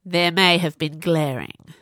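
A clever, haughty young woman with a cross, cutting way of speaking, as the narrator puts her on. Her lines come out sharp and impatient, recorded close and dry. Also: on the low side, steady tone, slow pace, no echo. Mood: snappish. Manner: cross, snappish.

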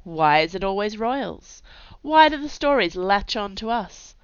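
A woman's voice: medium pitch, big pitch swings, a little slow, clean tone, dry recording, lo-fi sound, pitched above the performer's own voice. A woman voicing a cocky, restless young male warrior who talks in brash, teasing outbursts. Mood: breezy.

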